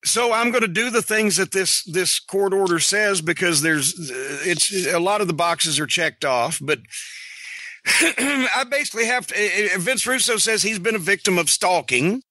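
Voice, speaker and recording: A middle-aged man hosting a podcast, telling a story in an animated, profane, sarcastic way. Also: sits high, unhurried, dry recording. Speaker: podcast host.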